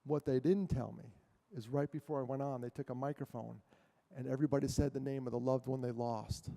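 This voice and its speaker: Animated man telling stories in a reverberant hall. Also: medium pitch, gravelly. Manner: animated, self-mocking storyteller with jokes. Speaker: guest speaker. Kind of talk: storytelling talk to a church audience. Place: church hall.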